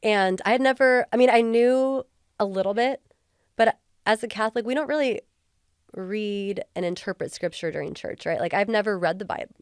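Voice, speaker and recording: A woman's voice: medium pitch, moderate pace, smooth, no echo. A woman guest on an interview podcast, speaking candidly in a heartfelt, earnest way with lots of casual fillers, recorded on a close podcast mic. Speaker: podcast guest, former police officer.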